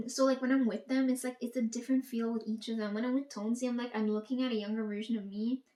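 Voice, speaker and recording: High-voiced woman ranting in an echoey room. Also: steady tone, quick pace, mellow. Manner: profane, ranting, quotes herself and others. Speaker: vlogger. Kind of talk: casual monologue.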